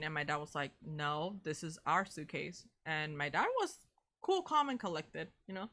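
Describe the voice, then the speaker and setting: A young woman, co-hosting a casual chat and telling a story in an animated way, swearing freely and saying "bro" a lot. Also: fairly low pitch, fairly quick. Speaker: co-host of a reaction channel.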